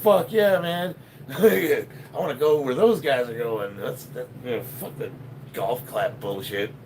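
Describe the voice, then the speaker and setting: A man's voice: medium pitch, unhurried, a little mellow, a little hiss or hum, rough recording. A man in his fifties from Chicago, chatting casually on a live stream between lifts and reading out viewer comments. He jokes, swears freely and laughs a lot. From Chicago, United States. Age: 50s. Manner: profane, joking, laughs often. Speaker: powerlifter live-streaming a workout.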